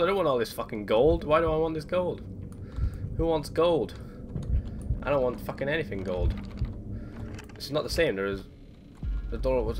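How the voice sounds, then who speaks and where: A young man playing a horror game at home in his bedroom, commenting nervously and swearing at doors and noises. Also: mid-range voice. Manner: jumpy, swearing, talking to the game. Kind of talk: let's play commentary. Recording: clear background game noise.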